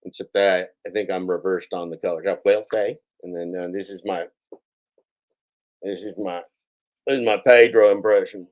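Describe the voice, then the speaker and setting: Sarcastic low-voiced man on a live stream. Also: little pitch movement, normal speed, a little mellow, lo-fi sound. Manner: sarcastic, mocking. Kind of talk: casual live-stream chat, reading comments.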